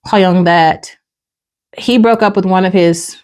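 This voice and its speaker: A woman's voice: lowish voice, unhurried, clean tone. A woman hosting a podcast, casually recapping a drama and acting out the characters' lines. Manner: animated storytelling, acts out characters' lines. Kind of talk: casual chat.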